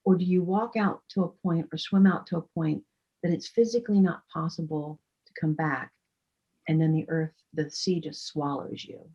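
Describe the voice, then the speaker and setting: A woman quoting a quiet, despairing man. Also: sits low, steady tone, normal speed, slightly rough, dull audio. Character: despairing grown man on a pier.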